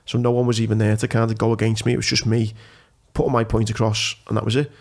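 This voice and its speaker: A man from England, a podcast host and ex-Marine, telling a frank, animated story in casual chat. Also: lowish voice, fast talker, vocal fry.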